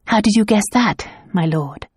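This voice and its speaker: A woman voicing a composed, dignified young woman in her twenties applying to be a governess, speaking calmly and formally. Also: medium pitch, normal speed, husky, dry recording, clean studio sound. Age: 20s. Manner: calm, formal and poised.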